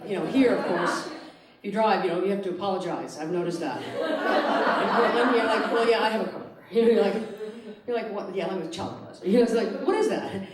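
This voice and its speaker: A woman's voice: fairly low pitch, noisy background. A woman doing a stand-up comedy set in a theatre, talking in a brash, profane, ranting way into a handheld mic. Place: theatre stage before a live audience. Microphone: handheld stage mic. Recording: roomy live theatre with audience laughter. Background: audience laughter.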